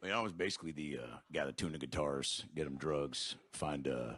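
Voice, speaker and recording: A man telling stand-up stories in a deadpan, mumbling way full of fillers, on a comedy club stage. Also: a bass voice. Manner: slow, mumbling, filler-heavy delivery.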